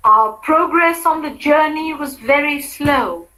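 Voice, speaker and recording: A woman's voice: high voice, slow pace, sharp tone, poor audio. A woman reading example sentences for a language-lab exercise, carefully enunciated.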